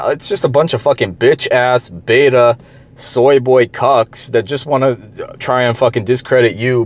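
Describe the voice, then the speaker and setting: A man's voice: medium pitch, darkish tone. A man ranting in a profane monologue, heated and derisive, rambling with many restarts and filler words. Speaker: online commentator.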